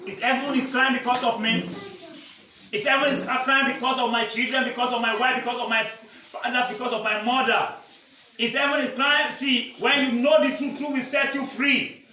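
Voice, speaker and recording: High, bright-voiced preacher in an echoey hall. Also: male voice, normal speed, far from the mic, a little hiss or hum. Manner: calls out questions for the congregation to answer; swings between loud shouting and quiet talk. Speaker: pastor. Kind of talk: sermon.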